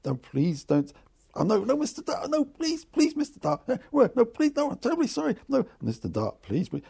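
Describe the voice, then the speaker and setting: A man doing a flustered young female nurse, squeaky high frantic voice, repetitive pleading, slightly gravelly, mellow tone. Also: wildly swooping pitch, normal speed, full character voice.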